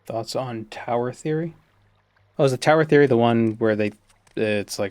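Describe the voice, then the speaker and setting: A man's voice: mid-range voice, steady tone, unhurried, a little mellow, smooth, dry recording. A man streaming a game, musing aloud in a rambling way full of fillers and restarts. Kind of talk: casual gameplay commentary.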